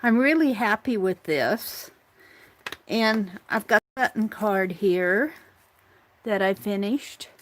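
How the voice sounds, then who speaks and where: A woman's voice, on the high side and fairly bright, comes through with a little hiss or hum. She's doing a casual morning art livestream, talking to herself and her viewers while crafting at her table.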